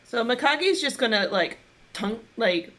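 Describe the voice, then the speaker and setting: A woman's voice: on the high side, expressive, moderate pace, fairly bright tone. A woman playing in a tabletop game, talking casually as she describes what her character does. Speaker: player.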